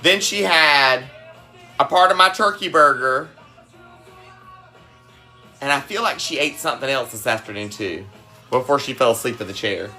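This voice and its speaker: Southern woman, South Carolina twang, bright tone, chatty cooking-stream host who laughs a lot. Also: rumbling low, moderate pace, pauses often, faint music behind. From South Carolina, USA. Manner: chatty and folksy, laughs often, greets viewers warmly. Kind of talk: casual chat while cooking live.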